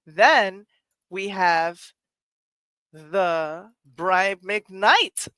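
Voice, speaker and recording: A woman's voice: medium pitch, expressive, extremely slow, bright, forceful tone, smooth, no room sound. A woman with a New York accent hosting a live-streamed poetry show over a video call, playful and laughing often. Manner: playful, laughing often, tries on put-on voices. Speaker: host. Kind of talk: casual live-stream chat.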